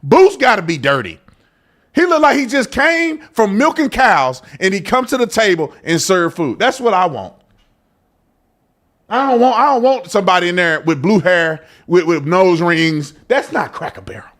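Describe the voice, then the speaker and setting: A man hosting a live news commentary stream, joking and talking directly to his audience. His pitch swings widely as he riffs, and his voice sits a bit higher than most men's. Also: normal speed. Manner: animated, joking, talks straight to viewers. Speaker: host of a live commentary show.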